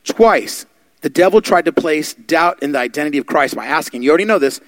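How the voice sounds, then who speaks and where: A man preaching a sermon, fervent and building to loud exhortation. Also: on the high side, animated, a little fast, no room sound.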